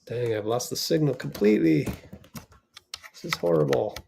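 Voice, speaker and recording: A man hosting a fan watch party stream, giving casual play-by-play, reacting loudly to plays and reading the chat aloud. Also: medium pitch, lively intonation, normal speed, vocal fry, background noise.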